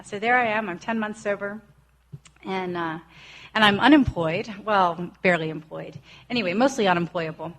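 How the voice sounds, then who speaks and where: A woman's voice: fairly low pitch, gravelly. A woman in her forties tells her personal recovery story in an earnest, heartfelt way. She keeps acting out the voices of the people she quotes. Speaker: recovery speaker.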